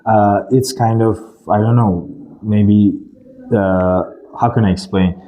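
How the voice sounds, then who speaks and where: A man's voice: fairly low pitch, steady tone, takes it slowly, narrow, tinny audio. A man from Uzbekistan with an Uzbek accent interviews a guest in English, his second language, hesitating and searching for words. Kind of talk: interview questions.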